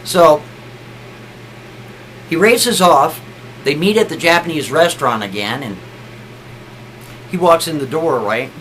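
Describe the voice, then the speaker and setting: Chatty male storyteller, a little high-pitched, loose and conversational. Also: expressive, a little slow, pauses often, fairly bright tone, slight background noise, poor audio. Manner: chatty, keeps adding "right?". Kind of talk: casual storytelling.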